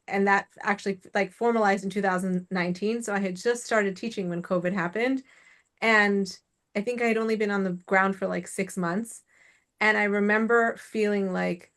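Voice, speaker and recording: A woman's voice: mid-range voice, steady tone, moderate pace, a bit bright. A young adult woman hosting an interview, talking casually and filling her speech with "like" and "you know.". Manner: chatty, many "like" and "you know" fillers. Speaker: podcast host, suicide prevention educator.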